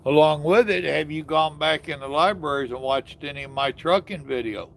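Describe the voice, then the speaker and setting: Folksy older man with a gravelly voice. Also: fairly high pitch, moderate pace, fairly bright tone, slight background noise. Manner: folksy, drawling, chatty with viewers. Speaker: live stream host. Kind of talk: casual live stream chat. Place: outdoors in the evening.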